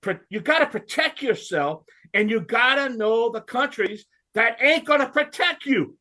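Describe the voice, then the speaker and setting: Cajun man, radio talk host, folksy rant, higher pitch, swinging intonation. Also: measured pace, few pauses. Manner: animated, ranting, folksy. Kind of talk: radio talk show banter.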